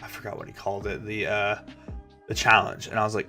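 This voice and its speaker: A man's voice: fairly low pitch, quick pace, sharp tone, soft background music. A young man hosting a gaming channel chats casually and rambles, swearing often and stumbling into restarts. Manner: rambling, profane, stammering restarts. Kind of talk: casual chat.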